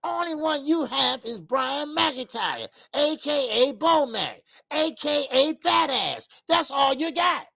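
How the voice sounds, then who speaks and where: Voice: sits high, lively intonation, takes it slowly, creaky, hardly any pauses, pushed and bright, no echo. A boxing show host ranting in a heated talk-show style, fired up, repeating points and talking straight to viewers.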